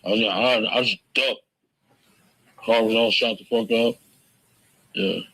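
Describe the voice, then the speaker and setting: A man's voice: fairly low pitch, fairly even intonation, unhurried, pushed and bright, rough recording. A man interviewed in a recording, telling stories casually in profane, slangy language. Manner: laid-back, profane, slangy. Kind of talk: casual storytelling.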